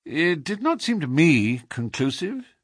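Confident detective, crisp and raised, animated delivery; male narrator puts him on. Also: on the high side, measured pace, no echo, voice pushed up. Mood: skeptical. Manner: crisp and assured, dry wit. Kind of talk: audiobook character voice.

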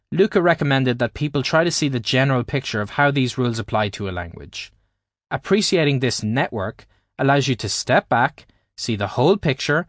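Male author-narrator, audiobook read, explanatory and measured, very animated pitch, dry close sound. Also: no echo. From Ireland. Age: adult, at least 20s. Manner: explanatory, carefully paced teaching delivery. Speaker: author reading his own book.

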